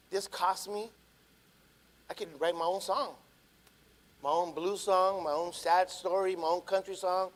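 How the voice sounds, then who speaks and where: A pastor in his thirties preaching a sermon in a high, bright voice. He drops to quiet, almost conversational asides, then builds to loud, urgent appeals.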